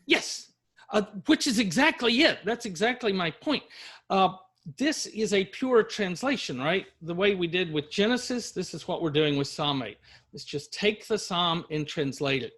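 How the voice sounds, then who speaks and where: A man's voice: high voice, expressive, moderate pace, fairly bright tone, slightly rough. Lecturing man reading old verse aloud. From Louisiana. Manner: reads verse aloud then explains it with fillers. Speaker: university literature lecturer.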